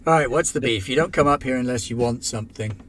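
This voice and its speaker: A man voicing a gruff, put-upon middle-aged male mining security chief who swears freely. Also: mid-range voice, fast talker, fairly bright tone, a little hiss or hum, natural voice.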